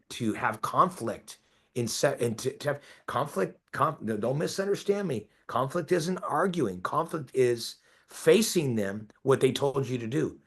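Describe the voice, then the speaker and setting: An emphatic man coaching a room of agents at an ordinary mid-range pitch. He keeps pressing his listeners for agreement with pointed questions. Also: fairly bright tone, breathy edge. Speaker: real estate coach. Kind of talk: coaching talk to a group.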